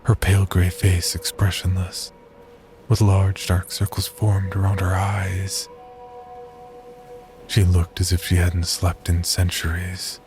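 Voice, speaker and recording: A man narrating a horror story in a measured, scripted storytelling manner. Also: sits low, monotone, over music.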